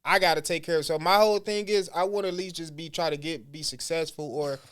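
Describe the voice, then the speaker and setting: A man's voice: a little high, fairly even intonation, fast talker, a bit bright. Laid-back man in his thirties hosting. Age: 30s. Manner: laid-back, joking interviewer. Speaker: podcast host. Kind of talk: casual podcast interview.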